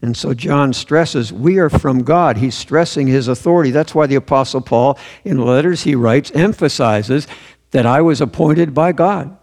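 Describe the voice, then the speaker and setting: A man's voice: mid-range voice, moderate pace, darkish tone. A man preaching a sermon in a church, earnest and emphatic, repeating his key phrases. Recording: long hall reverb.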